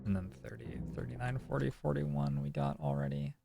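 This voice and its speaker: A man's voice: medium pitch, fairly even intonation, brisk, vocal fry, music in the background. A man streaming a puzzle game, thinking aloud in casual, musing commentary. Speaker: gaming streamer. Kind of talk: casual let's-play commentary.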